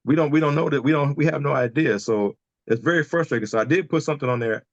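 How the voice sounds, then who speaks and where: A man's voice: a little high, fast talker, dry recording, muffled recording. Man venting frankly on a call. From Detroit, Michigan. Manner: candid and fired-up, swears freely, repeats himself when heated. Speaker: podcast guest. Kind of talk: casual chat over video call. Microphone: remote video call.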